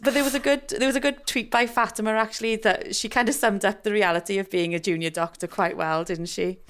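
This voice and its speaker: Casting: chatty female podcast co-host, mid-pitched, casual and self-mocking. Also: fairly even intonation, quick pace, fairly bright tone, clean tone.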